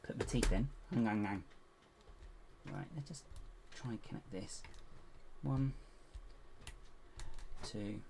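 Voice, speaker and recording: A man chatting to viewers in a casual building vlog, rambling to himself with playful squeaky exclamations. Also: slow pace, vocal fry, long pauses, a little mellow, slight background noise. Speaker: LEGO builder and channel host.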